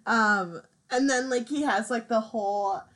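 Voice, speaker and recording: A woman's voice: a little high, fairly bright tone. A woman chatting casually about a film, agreeing readily and laughing along. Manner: agreeable, laughing, quick back-channel replies.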